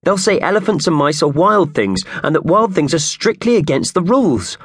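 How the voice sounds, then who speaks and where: Man voicing worried office type in a kids' story, a touch higher than his own voice. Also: big pitch swings, normal speed, husky, dry recording, studio quality, exaggerated voice. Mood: fretful. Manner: worried, put-upon. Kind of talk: audiobook character voice.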